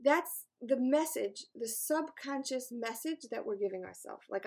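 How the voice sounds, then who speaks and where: A woman's voice: on the high side, animated, measured pace, gravelly, hardly any pauses, darkish tone. A middle-aged woman teaching a class in an earnest, encouraging way, with touches of self-deprecating humor. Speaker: class instructor.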